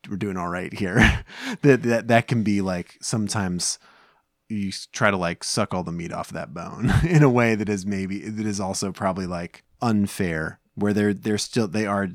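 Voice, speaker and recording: Man, thirties, very low voice, rambling casual chat, dry sound. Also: unhurried, dry recording. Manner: rambling, many fillers and restarts. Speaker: podcast co-host. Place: home.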